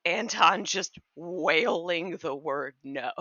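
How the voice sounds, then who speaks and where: A woman's voice: on the low side, expressive, very slow, bright, forceful tone, no echo, muffled recording. A woman narrating as game master of a tabletop game, casual and giggly, with lots of fillers.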